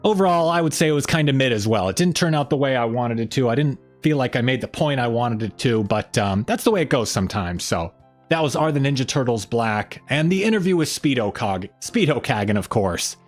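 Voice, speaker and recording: A man hosts a relaxed livestream at a middle pitch. His voice rises and falls a lot as he rambles between topics and greets viewers in the chat. Soft music plays faintly underneath. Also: brisk. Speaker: livestream host.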